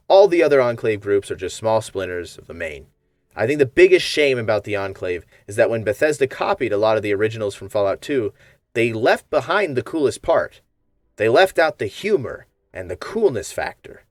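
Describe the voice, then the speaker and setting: Lore-channel narrator: a man with a lowish voice, wry and joking, recorded dry and close. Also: no room sound. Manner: wry, jokey. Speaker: video essayist. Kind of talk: gaming lore video essay narration.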